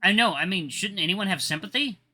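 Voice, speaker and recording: A distant, guarded young woman, as a man puts her on while reading a visual novel aloud, speaks in short, cold replies. The voice sits well above his usual pitch, bright and sharp in tone. Soft guitar music plays quietly behind. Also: animated, brisk, heavily acted. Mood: curt.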